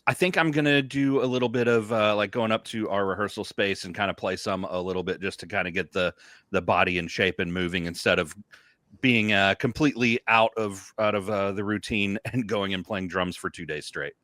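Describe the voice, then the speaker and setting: A middle-aged man, co-hosting a podcast in relaxed, chatty conversation. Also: on the low side, fairly quick, no room sound. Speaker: podcast co-host. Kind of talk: casual chat.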